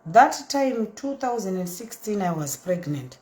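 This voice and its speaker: A Zimbabwean woman in her thirties talks through her own story in a loose, chatty vlog style. She slips between English and Shona and throws in lively asides. Her voice sits at a middle pitch, and the room around her has a clear echo. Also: a little slow. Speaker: socialite vlogger. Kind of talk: casual storytelling monologue.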